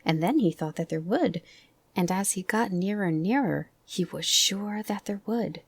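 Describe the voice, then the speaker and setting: A woman reading a children's storybook aloud in a gentle, soft bedtime voice, often close to a whisper. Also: mid-range voice, lively intonation, normal speed, breathy edge, no echo. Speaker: audiobook reader.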